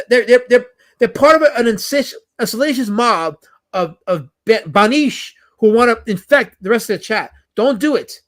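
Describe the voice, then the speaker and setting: A man's voice: very high-pitched, fairly bright tone. A man hosting a livestream in casual banter, ranting in mock outrage and answering the chat. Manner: indignant, mock-outraged rants; fast, restless, talks back to chat. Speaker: livestream host.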